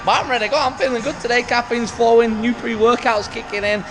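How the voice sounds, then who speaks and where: A young man talking in a relaxed, rambling way about his day as a lifting coach, with many "uh" fillers. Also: extremely high pitch, quick pace, over music. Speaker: powerlifting coach and vlogger. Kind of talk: casual vlog chat and voice-over.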